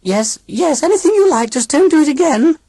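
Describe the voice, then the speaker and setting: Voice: medium pitch, big pitch swings, normal speed, husky, no echo, pitched above the performer's own voice. An audiobook reader voicing a prim alien robot disguised as an old great-aunt, with stiff, formal and oddly stressed speech. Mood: pleading. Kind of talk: audiobook character voice.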